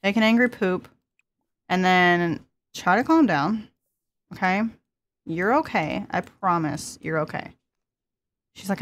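A woman's voice: lowish voice, slow, pauses often, slight background noise. Giggly chatty young woman gamer. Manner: chatty and giggly, talks to her characters. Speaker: let's play host. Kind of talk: casual gameplay commentary.

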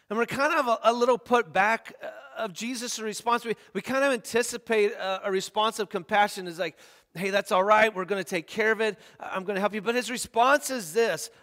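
A man's voice: high-pitched, fairly bright tone, long reverb tail. A man preaching a sermon, reading scripture aloud in an earnest way with frequent restarts. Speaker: pastor. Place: church.

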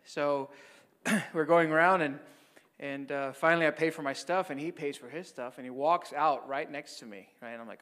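A Catholic priest speaks in a slightly high voice, telling stories in a loose, conversational way and often tagging his lines with "right?". His voice rings out with a long reverb in a church, and it suits a mission talk. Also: moderate pace, fairly bright tone. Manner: conversational, frequent "right?" tags.

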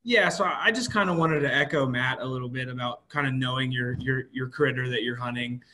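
A man's voice: medium pitch, brisk, bright, forceful tone. A man from Virginia speaking as a panelist on a video call, easygoing and repeating his words as he goes.

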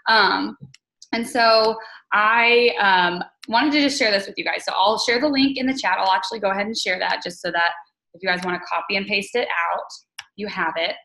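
A young woman speaks on a video call, sharing her own story with her team. She talks casually and candidly, backing up and restarting often with plenty of fillers. Her pitch sits in the ordinary middle range for a woman. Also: steady tone, a little fast, bright, forceful tone, rough recording. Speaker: team leader on a group call.

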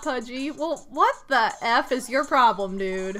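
A woman streamer giving casual commentary over a game, reading lines aloud and breaking into loud exasperated outcries. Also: on the high side, lively intonation, measured pace, faint music behind.

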